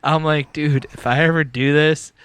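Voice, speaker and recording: A man's voice: a little high, steady tone, normal speed, a bit bright, smooth, no room sound. A man hosting a podcast, telling stories in a casual, profane way, laughing often and acting out both sides of conversations. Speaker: podcast host. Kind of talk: casual chat, storytelling. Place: podcast studio.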